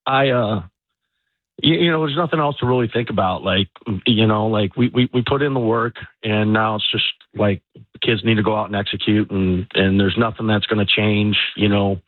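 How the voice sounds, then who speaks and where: A male football coach calls in to a radio show, his low voice coming through a tinny phone line. He talks in a relaxed way and fills his sentences with "you know" and "um". The line sounds dry and close. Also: normal speed, no room sound. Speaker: high school football head coach. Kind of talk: phone-in interview.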